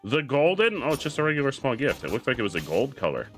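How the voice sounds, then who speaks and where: A man streaming a video game, talking casually with his viewers, excitable and swearing freely as he plays. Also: mid-range voice, quick pace, soft background music. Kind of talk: casual livestream commentary while gaming.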